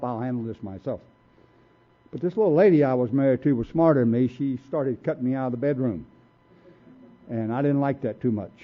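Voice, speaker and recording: An older man speaking at a recovery meeting, telling his own story in a blunt, folksy way. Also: mid-range voice. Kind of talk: personal recovery testimony. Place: meeting room. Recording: tinny lo-fi tape recording.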